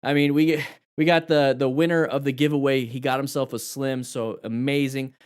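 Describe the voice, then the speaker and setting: A man teaching motorcycle safety, commenting on a crash video in a lively way and asking questions. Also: medium pitch, moderate pace, clean tone. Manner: animated, acts out rider dialogue and questions.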